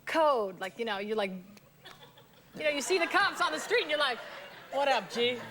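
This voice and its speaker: Talk-show guest, woman in her forties, higher voice, animated storyteller with faint noise behind. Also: brisk. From US West Coast. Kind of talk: casual chat, anecdote telling. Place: TV studio with audience.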